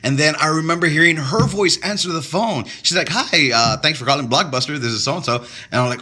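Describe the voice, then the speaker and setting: A man's voice: on the high side, a little fast. A man co-hosting a podcast, telling stories in casual, profane, laughing chat. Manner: profane, laughing, animated storyteller. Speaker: podcast co-host.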